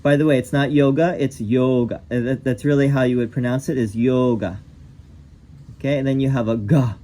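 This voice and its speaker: A man's voice: mid-range voice, fairly even intonation, brisk, dark tone. A man teaching as a yoga teacher, explaining pronunciation patiently, correcting himself and saying each sound aloud.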